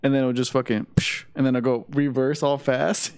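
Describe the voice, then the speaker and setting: A man's voice: mid-range voice, level tone, a little fast, clean tone, no room sound. Laid-back swearing podcast guy, dry sound. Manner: laid-back, profane, laughs often. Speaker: podcast co-host. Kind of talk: casual chat.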